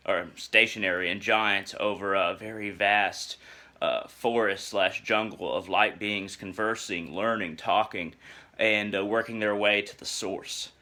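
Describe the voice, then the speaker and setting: A young man talks through a personal reflection in a fairly low voice that still sounds bright and forceful. He is earnest and halting, filling pauses with uhs and restarting his sentences as he gropes for the right words.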